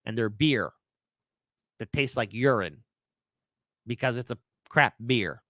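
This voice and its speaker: A man's voice: mid-range voice, expressive, slow pace, a bit bright, no room sound. A man hosting a political commentary stream, reading news articles aloud and breaking in with sarcastic remarks. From United States.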